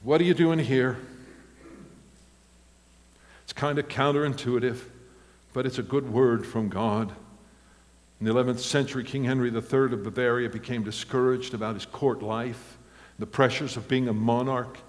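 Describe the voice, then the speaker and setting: A man's voice: mid-range voice, fairly even intonation, normal speed. A male pastor preaching a sermon, telling stories animatedly with acted quotes and chuckles. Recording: long reverb of a large hall.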